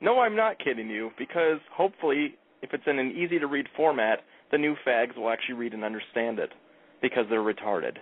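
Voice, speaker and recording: A man's voice: mid-range voice, brisk, dry recording. Blunt male caller on a phone line. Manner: reads out a list flatly, crude and blunt. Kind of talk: call-in radio conversation.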